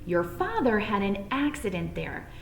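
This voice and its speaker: A woman's voice: medium pitch, very animated, unhurried, gravelly, a little hiss or hum. Woman as a firm mother rabbit. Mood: stern. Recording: roomy echo.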